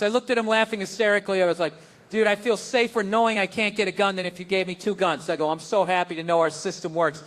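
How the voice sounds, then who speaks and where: Guy rattling off a funny story super fast, lots of swearing, high-ish voice. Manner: profane, animated, acts out other people's voices. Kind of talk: comedic storytelling.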